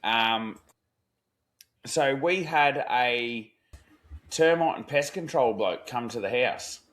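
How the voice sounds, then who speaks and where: An Australian podcast co-host with a mid-range, slightly bright voice takes his time spinning a long yarn in casual chat. Slang and swearing fill the story, and he acts out what each person in it said.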